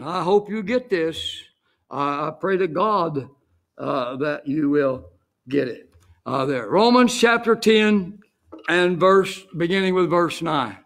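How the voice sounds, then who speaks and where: A middle-aged senior pastor preaching an emphatic sermon, building to exclamations and punctuating points with "Amen.". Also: male voice, sits high, fairly bright tone.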